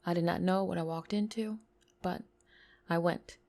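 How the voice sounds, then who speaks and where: A woman with a lisp telling a personal story, intimate and tearful, slipping into whispers and bursting louder. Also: lowish voice, fairly even intonation, normal speed, creaky.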